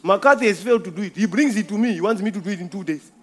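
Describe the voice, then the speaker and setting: High-voiced man preaching with dramatic swings. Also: very fast. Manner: storytelling preacher, repeats words, swings from loud to hushed. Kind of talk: sermon with personal testimony.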